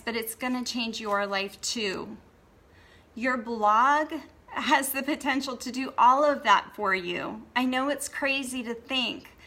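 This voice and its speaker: A woman with a fairly high, bright voice gives an earnest motivational talk as host of a blogging course. She speaks slowly and with emphasis, and often checks in with her listeners with a quick "okay?". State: tearful, emotional.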